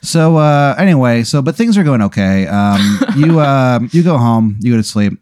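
A man's voice: mid-range voice, expressive, moderate pace, darkish tone, clean tone, no room sound, studio quality. A man hosting a comedy podcast, improvising a rambling second-person story and swearing casually. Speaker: podcast host.

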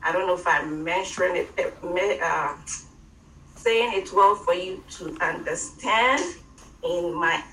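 Slow-speaking African-accented woman giving a sermon. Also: on the low side, fairly bright tone, echoey room, distant mic, slight background noise, poor audio. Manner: halting, many fillers and restarts. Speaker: church teacher. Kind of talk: informal online sermon.

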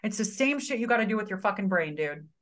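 A woman's voice: medium pitch, expressive, fast. A woman guest in a casual chat, often chiming in with agreement and swearing casually. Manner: affirming, frequent short agreements, swears casually.

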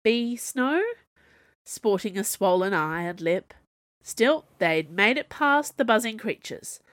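Woman storyteller, expressive, wry, lively pitch, dry close sound. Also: slow pace, dry recording. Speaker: audiobook narrator. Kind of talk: storybook narration.

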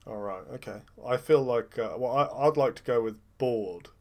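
An excitable man plays a tabletop role-playing game and often bursts out loudly. His voice sits in a middle register. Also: medium pitch, moderate pace. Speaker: player.

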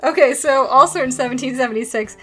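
Giggly high-voiced woman telling history. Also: fast talker, slightly rough. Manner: animated, giggly, slangy storyteller. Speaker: podcast host. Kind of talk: casual history chat.

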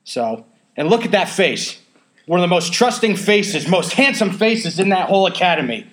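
A man's voice: high-pitched, very animated, normal speed. A man hosting a podcast, opening with a playful mock courtroom speech before chatting casually. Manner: playful, theatrical mock-lawyer delivery. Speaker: podcast host.

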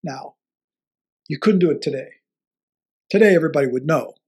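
An older man, a former football coach, tells a story in an interview, animatedly acting out the dialogue and chuckling often. His voice is husky and fairly high-pitched, and he speaks at a normal speed.

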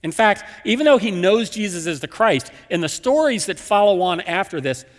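Male pastor preaching, kinda high voice, really lively ups and downs, lots of hall echo. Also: normal speed. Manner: animated, emphatic storytelling with repeated phrases. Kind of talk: sermon.

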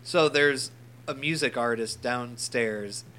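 A man's voice: mid-range voice, slow pace, pushed and bright. A man co-hosting a casual podcast, telling a funny story with plenty of laughs and swearing. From St. Louis area. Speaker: podcast co-host. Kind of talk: casual chat.

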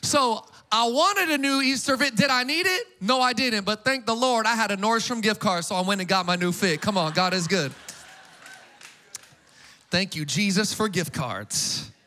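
A man preaching an Easter sermon to a congregation, energetic and casual, with call-and-response. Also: high-pitched, moderate pace. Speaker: pastor.

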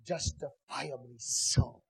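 A man preaching a sermon in a church, swinging from quiet teaching to loud shouted preaching. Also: mid-range voice, fairly even intonation, slow pace, vocal fry, breathy edge, poor audio. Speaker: pastor. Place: church sanctuary.

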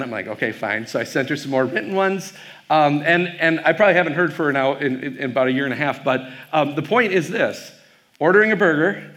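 This Wisconsin pastor, speaking in a mid-range, somewhat bright voice, delivers a keynote talk to young people. His storytelling is relaxed and chatty, with frequent filler words throughout.

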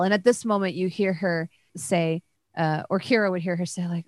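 A woman's voice: lowish voice, fairly even intonation, normal speed, darkish tone, no room sound. A woman narrating a tabletop game as game master, describing scenes loosely with many fillers.

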